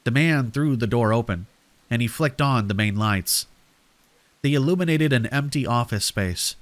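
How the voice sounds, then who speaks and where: A man reading a scripted horror story aloud in a measured, dramatic way. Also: mid-range voice, lively intonation, no room sound.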